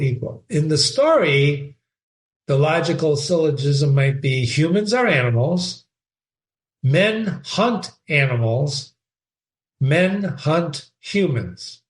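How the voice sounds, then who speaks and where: An older man talks through a short story in a loose, wandering lecture. His voice sits a little higher than most men's, and he keeps stopping to talk to himself by name. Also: animated, slow. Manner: rambling, addresses himself by name. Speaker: host. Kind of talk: informal literature lecture.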